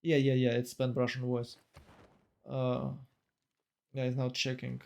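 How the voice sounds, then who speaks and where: A man casting a strategy game tournament live, talking in a rambling, excitable way full of fillers and restarts. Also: medium pitch, a little slow, gravelly. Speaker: tournament caster. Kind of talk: live esports commentary.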